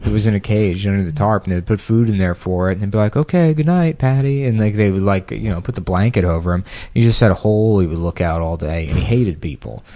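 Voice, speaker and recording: Casual: lowish dude deadpan, mocking, tired, crude podcast banter. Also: male voice, fast, hardly any pauses. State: short on sleep. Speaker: podcast co-host.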